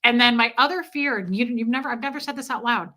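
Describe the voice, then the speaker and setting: A woman's voice: fairly high pitch, fast talker, bright, forceful tone. A woman in her forties chatting casually and crudely with viewers on a live stream, telling candid stories about herself. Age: 40s.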